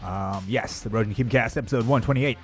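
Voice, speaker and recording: A young adult man hosts his own podcast in a casual solo monologue, rambling, poking fun at himself and swearing freely. His voice sits in the mid range and moves briskly, with faint music in the background.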